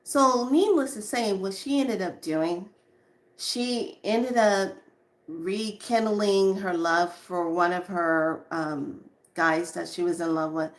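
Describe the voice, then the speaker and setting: A woman telling a personal story in a casual, animated way, repeating words as she goes. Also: lowish voice, slow.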